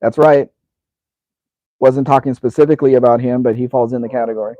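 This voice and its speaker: Rambling man from California, mellow dry voice. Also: medium pitch, fairly even intonation, fairly quick, no room sound. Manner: casual and rambling, with frequent restarts and repeated words. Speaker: channel host answering viewer questions. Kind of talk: live Q&A, reading viewer comments.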